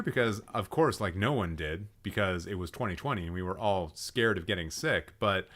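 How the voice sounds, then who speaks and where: A man's voice: low voice, expressive, normal speed, few pauses. A young man hosting a live stream, reading out viewers' film lists and mocking them with sarcastic asides and frequent laughter. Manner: sarcastic, mocking, laughs often, swings loud and quiet. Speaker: livestream host roasting viewer film profiles.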